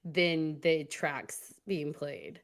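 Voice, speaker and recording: A woman's voice: low voice, extremely slow. A woman hosting a podcast in casual chat, talking in a rambling way with frequent laughs. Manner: chatty, laughs often, rambling restarts. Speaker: podcast host.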